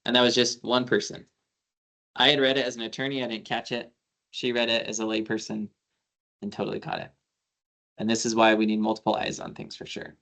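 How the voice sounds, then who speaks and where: Speaking in a fairly low, slightly bright voice, a man who works as an attorney gives an informal civic training session. He peppers it with stories, acting out quoted exchanges, and leans on frequent filler words.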